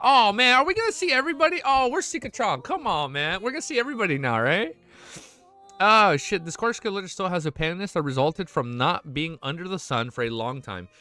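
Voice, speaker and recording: A man's voice: a little high, bright, forceful tone. A young man streaming, reading a web novel aloud and breaking off to gush, swear and say "dude". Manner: gushing, swears often, says "dude" a lot. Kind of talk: reading aloud with excited reactions.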